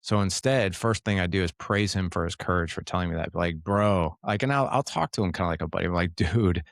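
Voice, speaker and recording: A man's voice: sits low, fast talker, creaky, dry recording, studio quality. A middle-aged man as a podcast guest, coaching fathers in an earnest, casual way, often repeating words and saying man and dude.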